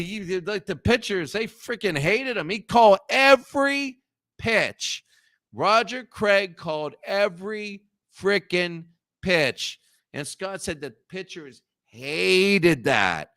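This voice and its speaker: A man from Appalachia hosting a show, telling rambling, profane stories and loudly acting out the people he quotes. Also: high-pitched, smooth, no room sound, clean studio sound. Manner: digressive, profane, acts out quoted voices loudly. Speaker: show host. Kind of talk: rambling storytelling.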